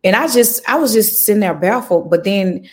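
Animated woman giving emotional testimony. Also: mid-range voice, moderate pace, husky. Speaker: gospel recording artist, guest. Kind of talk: conversational interview.

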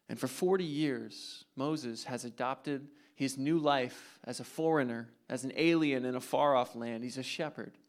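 A man preaching a sermon, retelling a scripture story dramatically and dropping to hushed asides. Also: medium pitch.

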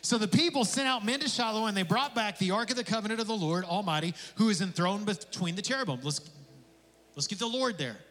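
A male pastor preaches in a lively, conversational way, tossing in jokes and casual asides. His voice sits high and rings bright. The sound carries a long reverb, as if it fills a large sanctuary. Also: fast talker, hardly any pauses. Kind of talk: sermon.

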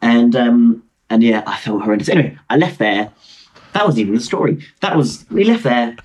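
A man's voice: mid-range voice, normal speed, a little mellow, slightly rough. A man in his twenties, from Britain, telling a rambling, self-mocking story over a video call. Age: 20s. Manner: rambling, self-mocking, lots of fillers and restarts. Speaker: guest.

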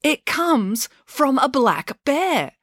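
Excitable drama-queen girl, lady reading her, chatty, dry close sound. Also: high voice, takes it slowly, no echo, pitched above the performer's own voice, full character voice. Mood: excited. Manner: theatrical, chatty.

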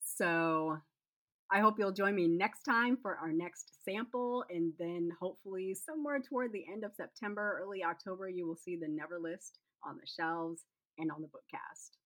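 A woman's voice: fairly low pitch, moderate pace. A woman author reading first-person narration from her novel, then chatting casually to listeners. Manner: relaxed, chatty aside. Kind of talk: reading her own fiction aloud.

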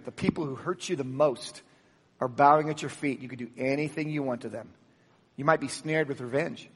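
High-voiced, animated preacher in a reverberant hall. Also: male voice, slightly rough. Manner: animated, emphatic preaching with sudden loud peaks and soft drops; acts out the dialogue of the Bible story. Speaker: pastor. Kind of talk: sermon.

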